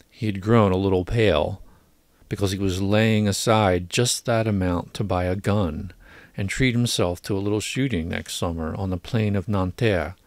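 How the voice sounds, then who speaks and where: A man narrating an audiobook of a classic short story in a measured, deliberate way. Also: on the low side, no room sound. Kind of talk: scripted narration.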